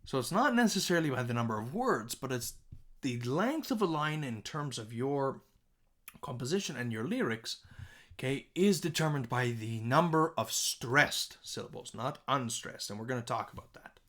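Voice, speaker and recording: Animated man teaching a lesson. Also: normal speed. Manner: frequent checking "okay?", repeats words to demonstrate pitch; animated, sing-song emphasis. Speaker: music teacher. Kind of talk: recorded classroom lesson.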